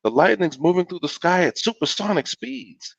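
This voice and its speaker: A man voicing a confident older brother in a low, cool, matter-of-fact voice. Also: lively intonation, moderate pace, vocal fry, no room sound, exaggerated voice. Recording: dull lo-fi video call audio.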